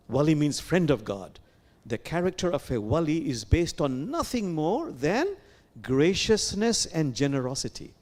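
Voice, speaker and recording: Animated male imam preaching. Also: medium pitch. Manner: animated, with repeated phrases and questions to the listeners. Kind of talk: sermon. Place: sanctuary.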